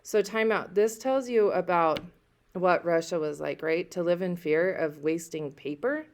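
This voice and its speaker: Woman teacher, read-aloud with discussion, lowish voice, conversational. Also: measured pace. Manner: conversational, checks in with students. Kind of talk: reading a novel aloud with discussion.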